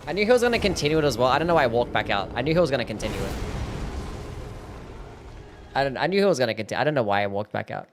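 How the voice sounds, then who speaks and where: A man's voice: medium pitch, sing-song, very fast, pauses often, slight background noise. A man streaming live gameplay, ranting and swearing as he plays. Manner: frustrated, ranting, swears often.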